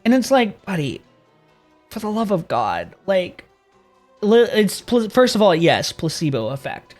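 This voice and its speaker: A man's voice: sits high, huge pitch swings, measured pace, a little mellow, soft background music. A man streaming and chatting casually with viewers, rambling, swearing freely and laughing often.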